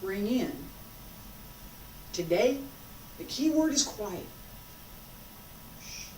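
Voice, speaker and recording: Woman leading qigong, real slow and coaxing, roomy sound, mic set back from her. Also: medium pitch, big pitch swings, darkish tone, far from the mic, a little hiss or hum. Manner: slow, coaxing, drawn-out phrases with long pauses. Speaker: qigong instructor. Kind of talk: guided qigong class.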